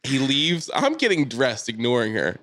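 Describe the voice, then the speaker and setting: Animated guy telling a wild story on a podcast, voice all over the place, cracking up. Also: mid-range voice, normal speed. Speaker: podcast host. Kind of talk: casual chat, storytelling.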